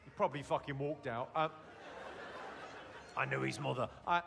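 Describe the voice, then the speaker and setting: A man's voice: medium pitch, normal speed, vocal fry, noisy background. A man doing stand-up crowd work at a comedy club, brash and sweary, teasing the audience. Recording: live club, loud crowd laughter.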